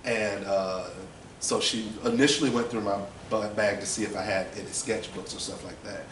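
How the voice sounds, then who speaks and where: Brief: young man, low voice, candid rambling storyteller; distant, echoey recording. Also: steady tone, moderate pace, a bit bright. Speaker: interviewee. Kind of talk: personal storytelling. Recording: roomy, distant, noisy ambience.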